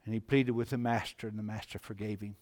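A man preaching a sermon, moving between hushed, low passages and loud, emphatic climbs. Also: level tone, fast. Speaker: pastor.

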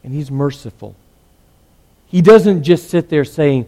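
A man preaching with an earnest, mellow voice that sits a little high for a man. He swings between loud emphatic lines and hushed, quiet ones. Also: measured pace. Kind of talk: sermon.

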